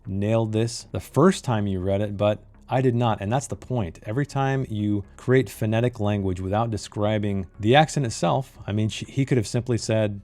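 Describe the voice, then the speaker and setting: A man's voice: on the low side, mellow. A man reviewing a novel in a critical monologue, emphatic and fond of repeating key phrases for effect. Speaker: book reviewer.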